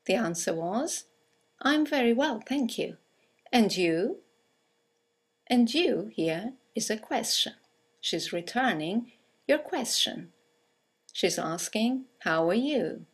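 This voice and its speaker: A woman narrating a scripted English conversation lesson, reading example greetings aloud with slow, clear delivery. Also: fairly high pitch, expressive. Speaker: English teacher.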